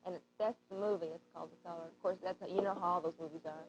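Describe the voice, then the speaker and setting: A woman's voice: fairly low pitch, fairly even intonation, racing. A woman co-hosting a shopping channel, chatting casually on air and telling a story while acting out the lines people said. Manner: chatty storyteller who acts out quoted lines. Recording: dull lo-fi TV broadcast audio.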